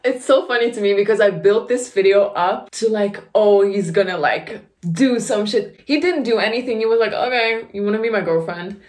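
A woman's voice: mid-range voice, moderate pace, hardly any pauses, darkish tone. Young female vlogger, offhand and sarcastic, swears freely. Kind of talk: casual reaction commentary.

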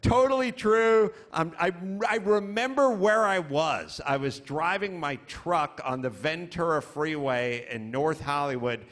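Before a live audience on a comedy club stage, a middle-aged American podcast host tells stories, ranting profanely and exasperatedly and mocking people with put-on voices. His voice is fairly high and fairly bright, a little slow, with few pauses.

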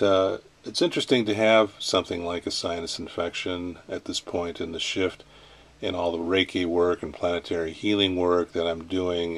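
Congested nasal man, very low voice. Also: slight background noise. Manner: halting, many uh fillers, coughs and throat-clearing. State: congested, nasal from sinus infection. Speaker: vlogger. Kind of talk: rambling casual vlog. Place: ranch, indoors.

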